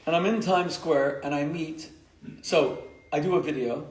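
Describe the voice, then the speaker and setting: Man, rabbi lecturing live. Emphatic and wisecracking, voice a bit high, recorded in a reverberant hall. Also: normal speed. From United States. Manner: emphatic and jokey, mocking nicknames, laughing at his own jokes. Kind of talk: live lecture to a community audience.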